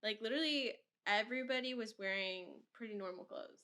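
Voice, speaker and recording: A woman's voice: fairly high pitch, brisk, a crowd in the background. A woman in her twenties hosting a podcast, chatting casually and rambling with lots of "like" and frequent laughter. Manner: rambling, heavy use of "like", laughs often. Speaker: podcast host. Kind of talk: casual chat.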